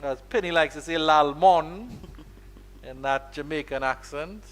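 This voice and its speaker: Male cricket commentator, Caribbean accent, bright and slightly high, lively live play-by-play. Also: normal speed. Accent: Caribbean English. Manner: playful, rises sharply on boundaries.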